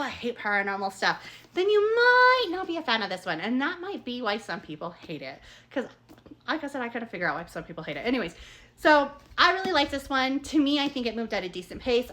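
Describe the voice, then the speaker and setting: A woman's voice: fairly high pitch, a bit bright. A woman chatting casually as a book reviewer, rambling with many fillers and self-corrections. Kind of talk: casual chat.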